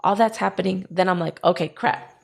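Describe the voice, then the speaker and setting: A woman's voice: medium pitch, brisk, gravelly. A young adult woman on a podcast, telling a personal story in casual chat and acting out what people said. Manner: animated, acts out what she and others said. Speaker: podcast co-host.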